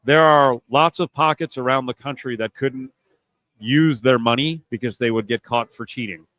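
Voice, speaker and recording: A man hosting a sports talk radio show, animated and sarcastic, often mocking people in put-on voices. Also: mid-range voice, normal speed, dry recording, low-quality recording. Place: radio studio. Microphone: studio mic.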